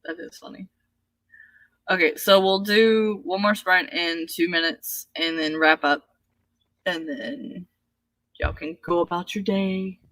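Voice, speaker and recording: A woman hosts a laid-back writing session, chatting with viewers and laughing often. Her voice is bright and forward. The sound is dry and close, with no room around it. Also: lowish voice, steady tone, slow pace, long pauses, no echo. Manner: laughs often, chatty, reads chat aloud. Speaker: host of a writing livestream. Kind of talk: casual chat.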